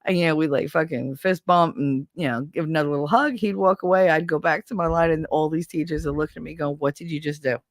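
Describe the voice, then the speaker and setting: A woman hosting a podcast, telling stories in a casual, animated and profane way. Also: low-pitched, fast, hardly any pauses, no room sound, clean studio sound. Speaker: podcast host. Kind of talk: casual storytelling chat.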